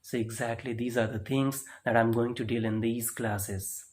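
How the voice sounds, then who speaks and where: Guy teaching a speaking lesson, mid pitch, keeps asking right? okay?. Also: fairly even intonation, moderate pace, darkish tone. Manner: explains step by step, asks "right?" and "okay?" often. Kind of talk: spoken English lesson.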